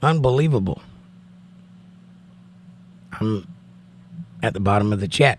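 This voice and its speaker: Fairly low-pitched and expressive, this man talks a little slowly, with long pauses. He's hosting a livestream, reading viewers' comments out loud and chatting with casual, wry humor.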